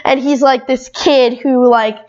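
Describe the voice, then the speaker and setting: A twelve-year-old girl talking as a podcast guest. Her voice sits high, and she rambles freely, filling her sentences with "like" and restarting them often. The recording is a bit dull and muffled. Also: fairly even intonation, measured pace, a little mellow. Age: 12 years old. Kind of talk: casual chat.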